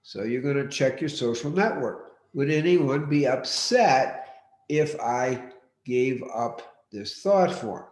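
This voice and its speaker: A man leading an online workshop, speaking in a deliberate, directive way and often repeating his key points. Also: medium pitch, animated, darkish tone. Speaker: workshop teacher. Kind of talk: live online teaching session. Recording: roomy echo.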